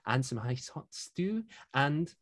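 A man's voice: mid-range voice, very animated, slow, pitched above the performer's own voice. A man voicing a kindly, fussing female innkeeper with an Irish accent, calling people love and dear. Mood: grateful. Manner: doting, hushed, calls people love and dear. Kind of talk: tabletop role-play voicing.

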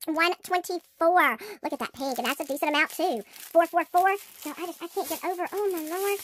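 A woman's voice: very high-pitched, brisk, fairly bright tone. A woman hosting a craft unboxing, her voice sped up into a chipmunk effect as she gushes and counts items aloud. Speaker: craft video host. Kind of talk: excited unboxing chat.

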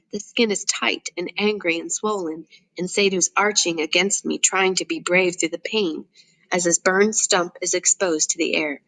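A woman narrating a first-person novel in a steady, measured reading voice. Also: on the low side, creaky, no echo, low-quality recording. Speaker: audiobook narrator.

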